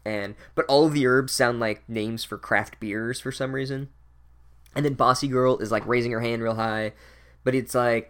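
A man's voice: medium pitch, fairly even intonation, normal speed, fairly bright tone, clear, resonant tone. A man giving a casual, profane, sardonic recap of a book as a podcast host. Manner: sardonic, swears a lot, wry.

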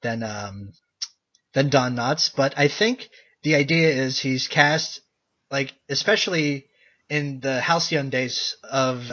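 A man's voice: medium pitch, sharp tone, dull audio. A man co-hosting a casual movie podcast, rambling with lots of fillers and self-corrections. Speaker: podcast co-host.

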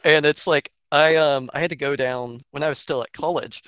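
A man's voice: a little high, normal speed, clear, resonant tone, no echo. Young Atlanta-accented man, blunt and profane, dry close sound, casual podcast talk. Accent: Atlanta Southern US. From Georgia, US. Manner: blunt, profane, animated storytelling. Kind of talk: casual political chat.

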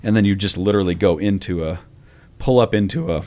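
A man's voice: sits low, fast, mellow. A man co-hosting a podcast, talking conversationally about theology and telling anecdotes. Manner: conversational, digressive, with anecdotes and fillers. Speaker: podcast co-host. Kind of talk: casual theological discussion.

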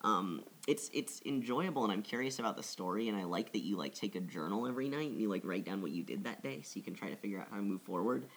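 A woman co-hosting a podcast at a table during a livestream, playful and quick to joke. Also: very deep voice, expressive, poor audio. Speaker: podcast co-host. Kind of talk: casual chat.

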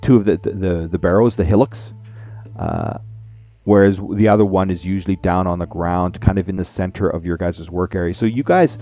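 Deep-voiced man running a tabletop game. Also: very animated, a little fast, mellow, muffled recording. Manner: rambling with many fillers. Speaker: game master.

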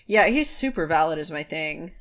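A woman's voice: low-pitched, animated, normal speed. Sarcastic woman gushing in casual chat. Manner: sarcastic, swears, gushes over characters. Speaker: podcast co-host. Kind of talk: casual chat recapping a show.

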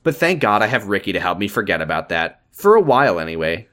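A man's voice: lowish voice, sing-song, fast, hardly any pauses, a bit bright. A man co-hosting a podcast, reading fan fiction aloud in a dry, mock-dramatic way and chatting casually between lines. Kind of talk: casual comedic reading and chat.

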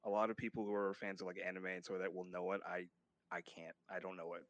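A man's voice: low voice, level tone, fast, dry recording, lo-fi sound. A man, a guest author, talking casually in an interview, rambling a little with fillers and restarts.

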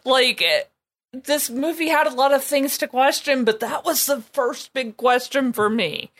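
A woman's voice: high voice, unhurried, a bit bright. A woman co-hosting a podcast, chatting casually in a blunt, opinionated way with frequent laughs. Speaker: podcast co-host.

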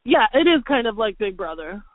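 A woman chatting casually and animatedly, full of "like" and quick asides. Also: on the high side, dry recording. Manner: chatty, animated, lots of filler "like". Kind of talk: casual chat. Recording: tinny phone-like dry sound.

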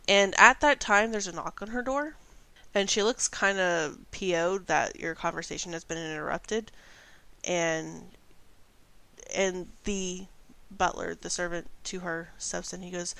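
A woman's voice: lowish voice, fairly even intonation, unhurried, creaky, bright, forceful tone. A woman narrating a tabletop game as game master in a casual storytelling manner.

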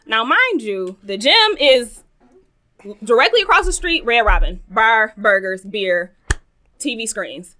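Young woman, podcast co-host, high-ish bright voice, animated storyteller. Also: measured pace. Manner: animated storyteller, acts out quoted dialogue. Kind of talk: casual storytelling chat.

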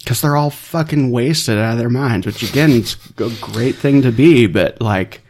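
A man co-hosting a casual podcast chat, talking in halting bursts with many restarts and casual swearing. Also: medium pitch, darkish tone, a little hiss or hum. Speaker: podcast co-host.

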